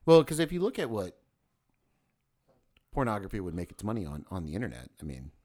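Low-voiced rambling podcast guy. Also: wildly swooping pitch, brisk, a little mellow. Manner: rambling, crude, jokey, restarts often. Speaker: podcast co-host. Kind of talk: casual chat.

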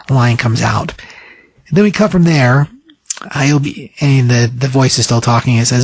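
A man's voice: mid-range voice, animated, moderate pace, no echo. A man casually recapping a comic book scene by scene, rambling with many fillers.

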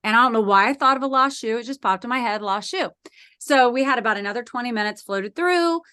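Animated woman storyteller, fairly high voice. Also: fast, clear, resonant tone, no echo, clean studio sound. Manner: lively, acts out voices in her story. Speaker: podcast guest.

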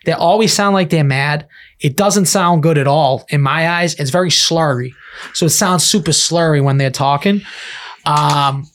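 A man co-hosting a podcast in casual chat, frank, opinionated and quick to swear. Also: on the high side. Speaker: podcast co-host.

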